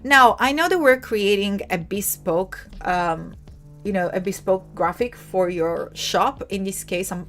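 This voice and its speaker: A young woman with an Italian accent, hosting a casual live design tutorial and chatting with viewers. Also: mid-range voice. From Italy. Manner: chatty, lively, talks to viewers in chat. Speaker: livestream host.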